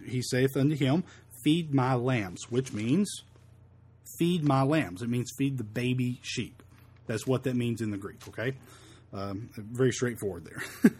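A man's voice: medium pitch, darkish tone, slightly rough. A man leading a verse-by-verse Bible study, quoting scripture in old-fashioned wording and often stumbling and repeating words. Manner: halting, repeats words, fills with um and uh. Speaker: Bible teacher.

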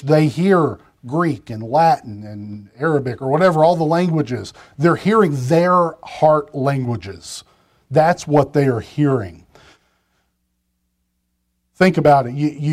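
A man's voice: on the high side, a little mellow. A man preaching a sermon from a pulpit, talking in a conversational way with restarts and side remarks to the congregation. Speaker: pastor.

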